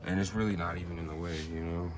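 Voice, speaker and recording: A man with a low voice walks through a car repair in loose, slangy talk, thinking aloud as he works. A faint ambient noise sits behind him. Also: fairly even intonation, quick pace. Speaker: DIY car repair vlogger. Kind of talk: casual how-to narration.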